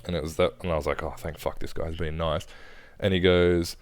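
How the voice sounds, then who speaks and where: A man's voice: low voice, flat delivery, fairly quick. A young Australian man telling stories in a casual podcast chat, laid-back and swearing often. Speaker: podcast co-host.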